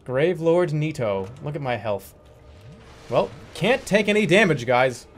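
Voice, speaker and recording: A man commenting as he plays a video game, swearing, laughing and yelling in frustration. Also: a little high, big pitch swings, unhurried, soft background music. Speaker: gaming streamer. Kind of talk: let's play commentary.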